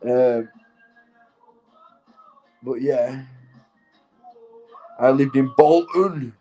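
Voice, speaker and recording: Man, yorkshire accent, stoned and tipsy, casual livestream chat, rambling, sweary, giggly, middle pitch. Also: extremely slow, mellow, dull audio, soft background music. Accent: Yorkshire English. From Keighley, Yorkshire, England. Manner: rambling, sweary, laughing often. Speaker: livestream host.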